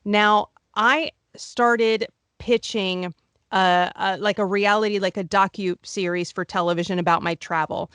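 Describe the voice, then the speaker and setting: Woman interview guest, mid-pitched, fluent but full of restarts; dry, close recording. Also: steady tone, a little slow, a bit bright, clean tone, no room sound. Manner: articulate, many restarts and repeated words. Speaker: guest, wheelchair travel blogger. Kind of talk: conversational interview.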